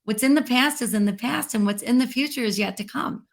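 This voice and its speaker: A woman interview guest talking in an earnest, reflective way, slowing down to stress key words. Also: on the high side, gravelly. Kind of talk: heartfelt interview conversation.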